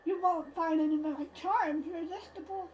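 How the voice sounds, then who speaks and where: A woman voicing a smug, greedy merchant who talks in a pompous sales pitch, music playing underneath. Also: steady tone, moderate pace, a little mellow, slight background noise.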